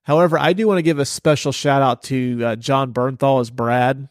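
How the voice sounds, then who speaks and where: A man's voice: mid-range voice, fairly even intonation, normal speed, no echo. Laid-back man riffing on a movie, dry sound. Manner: loose, filler-heavy, profane. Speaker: podcast host. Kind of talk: casual movie review chat.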